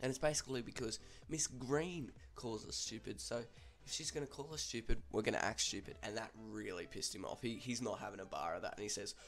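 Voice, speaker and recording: Gravelly young Australian guy telling a story. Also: lowish voice, fairly quick. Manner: chatty, swears freely, animated retelling. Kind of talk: casual storytime commentary.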